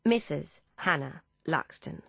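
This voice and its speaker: A woman's voice: deep voice, expressive, slow pace, gravelly, fairly bright tone, no room sound, full character voice. A woman voicing an anxious, well-bred young English woman who speaks urgently and with command.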